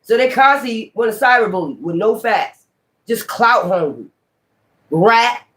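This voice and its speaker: A woman's voice: fairly high pitch, lively intonation, a little slow, fairly bright tone. A woman giving a tarot reading in a blunt, profane, emphatic way. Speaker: tarot reader.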